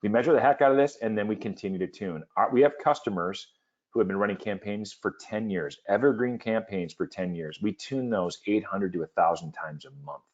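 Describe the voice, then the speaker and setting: A man's voice: fairly low pitch, a little fast, lo-fi sound. A man hosting a business webinar, speaking in a confident, emphatic salesman manner over a video call. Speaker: webinar host.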